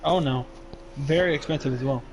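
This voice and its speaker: A man co-commentating on a sim race, throwing in dry, quick-witted quips. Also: mid-range voice, darkish tone, a little hiss or hum. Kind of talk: live sim racing commentary.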